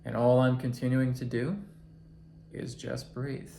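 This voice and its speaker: Slow, gravelly-voiced man teaching calmly. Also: medium pitch. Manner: slow and deliberate, counting breaths aloud. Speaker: self-help teacher. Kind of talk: guided instructional talk. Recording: echoey room with faint noise.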